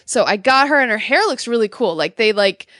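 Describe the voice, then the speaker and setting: Giggly thirtysomething woman on a podcast, high voice, dry close sound. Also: lively intonation, fairly quick, fairly bright tone, dry recording. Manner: giggly, playful. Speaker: podcast co-host. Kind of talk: casual chat.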